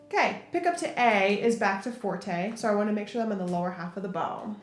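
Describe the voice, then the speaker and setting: A woman's voice: medium pitch, expressive, brisk, over loud music. Viola teacher woman in echoey room. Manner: step-by-step coaching, talking through bowing while playing. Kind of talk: instrument tutorial.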